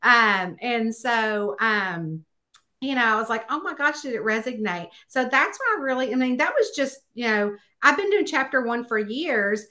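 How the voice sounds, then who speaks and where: A middle-aged woman in casual conversation, her voice bright and pitched a little high. She tells anecdotes with animated, acted-out quotes and many fillers. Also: a little slow. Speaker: mystery author, host. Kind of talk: casual chat.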